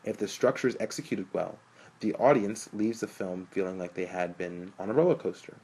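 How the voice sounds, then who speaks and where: A man's voice: low voice, fairly quick, a little mellow, breathy edge, low-quality recording. A man reading a wry film professor. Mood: lecturing. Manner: explanatory lecturing, wry. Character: male film professor, confident lecturer. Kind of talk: audiobook narration.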